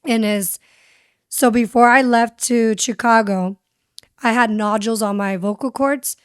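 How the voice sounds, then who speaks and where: A woman's voice: on the high side, fairly even intonation, unhurried, clean tone, no room sound, clean studio sound. A young woman speaking as a podcast guest and radio host, telling her story candidly and switching between English and Spanish. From San Diego. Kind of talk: casual interview chat.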